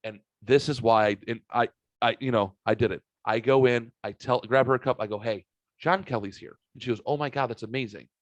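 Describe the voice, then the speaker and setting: A man from the Saint Louis area hosting a podcast, telling a story in casual chat, animated, swearing and acting out quotes. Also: medium pitch, fairly quick, no room sound. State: recovering from a sinus virus. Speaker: podcast host.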